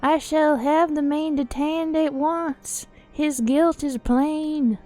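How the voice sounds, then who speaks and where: A woman voicing a stern, formal noble knight commander from a fantasy game, words slightly slurred together, with soft music behind. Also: high voice, steady tone, slow, pitched above the performer's own voice. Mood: grave.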